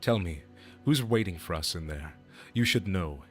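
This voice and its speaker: A man voicing a composed, formal game character in a measured, solemn way. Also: deep voice, animated, faint music behind, pitched below the performer's own voice.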